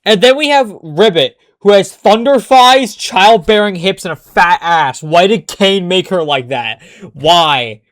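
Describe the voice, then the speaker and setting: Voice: medium pitch, animated, a little slow, dry recording. A commentator rants about a cartoon in a casual, profane and exasperated way, full of sarcastic asides. The recording is dry and close, with no room sound.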